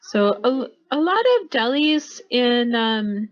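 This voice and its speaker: A woman's voice: fairly high pitch, expressive, slow, highs cut off. An American woman teaching pronunciation in a college classroom, explaining patiently and repeating words for her students. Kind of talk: classroom instruction.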